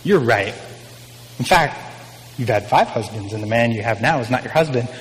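A man's voice: medium pitch, expressive, normal speed, long reverb tail, a little hiss or hum, pitched below the performer's own voice, natural voice, poor audio. A man voicing a patient, matter-of-fact male teacher who speaks plainly and wryly.

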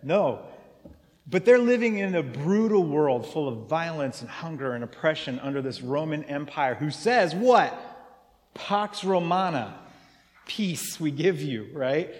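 A man preaching in a church, with a voice pitched a little above the usual. He turns to his listeners with questions and repeats the phrases he wants to land. His voice carries a long reverb from the sanctuary. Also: lively intonation, normal speed. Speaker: pastor. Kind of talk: sermon.

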